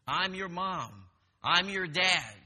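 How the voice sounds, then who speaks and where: A man's voice: sits high, expressive, takes it slowly, bright, forceful tone, pitched above the performer's own voice, full character voice. A man voicing a harsh male military drill instructor who barks orders in a big hall. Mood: barking. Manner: barked orders.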